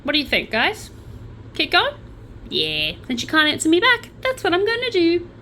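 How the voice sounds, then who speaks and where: Chatty Australian woman with lively pitch. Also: moderate pace, a little hiss or hum, rough recording. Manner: chatty and sardonic, with playful asides. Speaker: true crime channel host. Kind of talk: casual storytelling chat.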